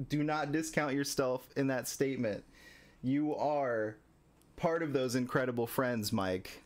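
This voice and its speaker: A young adult man streaming a live reaction, emotional and quick to laugh and swear. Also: on the high side.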